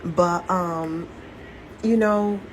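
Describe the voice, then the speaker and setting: A woman's voice: on the low side, fairly even intonation, drawn-out words, a little hiss or hum, rough recording. A woman talking candidly into her phone to her followers in a rambling, profanity-laced casual vlog. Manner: candid, rambling, heavy swearing. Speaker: social media poster.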